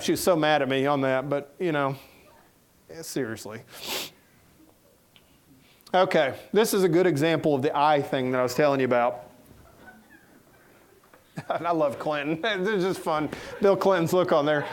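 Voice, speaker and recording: A middle-aged man with a Southern American accent gives a casual talk in a lecture room. His voice sits a little high, and he is folksy and quick to joke as he moves through his stories. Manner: folksy, joking, animated anecdotes. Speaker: editorial cartoonist giving a talk. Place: lecture room before an audience.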